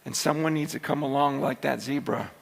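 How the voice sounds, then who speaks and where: A man preaching a sermon, telling a story casually and then building up to loud, shouted exhortation. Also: medium pitch, fairly quick, gravelly. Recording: long hall reverb.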